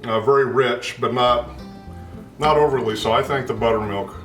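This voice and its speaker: A man tastes a homemade dessert and describes its flavors in a slow, thoughtful casual chat. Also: mid-range voice, a bit bright. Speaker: husband tasting food. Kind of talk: casual food-tasting chat. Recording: roomy, mic at a distance, faint music.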